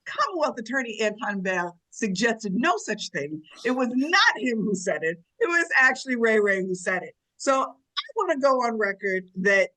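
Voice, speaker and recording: A woman co-hosting a radio talk show, telling personal stories in an emphatic, animated way. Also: fairly high pitch, normal speed, hardly any pauses, rough recording. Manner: warm, emphatic, storytelling. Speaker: radio co-host. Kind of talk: casual radio chat.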